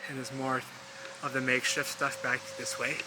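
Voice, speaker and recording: A man vlogging outdoors among rubble, rambling excitedly and talking straight to his viewers as he points things out. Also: mid-range voice, moderate pace. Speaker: vlogger exploring ruins. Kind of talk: casual walk-and-talk commentary. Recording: loud outdoor traffic noise.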